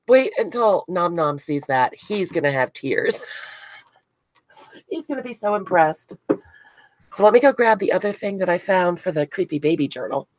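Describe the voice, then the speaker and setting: A woman's voice: on the low side, animated, measured pace, pauses often, no room sound. A woman hosting a craft live stream, chatting casually with viewers and gushing with frequent giggles. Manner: giggly, gushing, reads out chat names.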